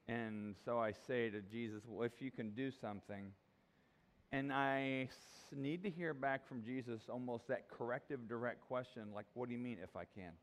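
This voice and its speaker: A middle-aged man preaching a sermon in a conversational way, often restarting his sentences and acting out the voices of people in the story. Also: medium pitch. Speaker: pastor.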